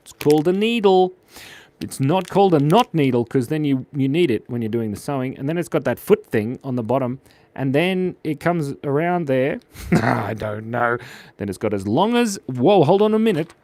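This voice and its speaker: A man's voice: mid-range voice, moderate pace, dry recording. An Australian man hosting a live drawing stream, chatting playfully and reacting to viewer chat as he draws. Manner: playful, animated, reads viewer chat aloud.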